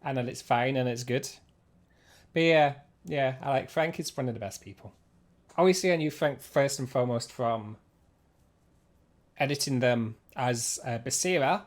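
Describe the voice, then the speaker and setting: A giggly, chatty man reacting to clips on a live stream. He teases his co-host easily, and his voice sits at an ordinary middle pitch. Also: moderate pace, pauses often. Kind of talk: casual live-stream chat.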